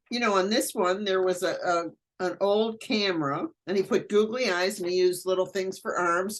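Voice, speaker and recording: An older woman who is a guest educator, chatting casually in an interview and telling animated stories. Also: on the low side. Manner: animated storyteller, acts out quoted voices.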